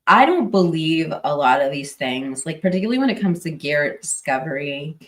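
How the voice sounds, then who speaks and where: Woman streamer, deep voice, hesitant, lots of "like", set back from the mic. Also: very animated, fairly quick, distant mic. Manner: hesitant, many fillers and restarts. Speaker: true crime streamer. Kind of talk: casual livestream commentary.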